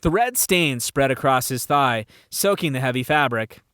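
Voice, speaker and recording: A man narrating a fan audiobook reading in a measured storytelling manner. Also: mid-range voice, expressive, a bit bright, dry recording, studio quality.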